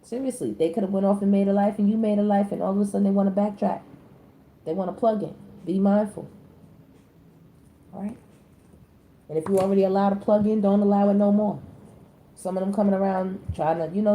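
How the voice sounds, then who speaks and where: A woman giving a casual tarot reading. She talks to her viewers directly in slangy speech, jumping from loud exclamations to low muttered asides. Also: steady tone, brisk, long pauses. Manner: slangy, addresses the audience directly. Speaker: tarot reader. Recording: echoey room with faint background noise.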